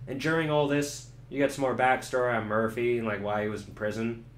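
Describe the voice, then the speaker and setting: A young man giving a sarcastic, swearing comedic review of a video game and acting out the characters in quick voices. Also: medium pitch, level tone. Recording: echoey room.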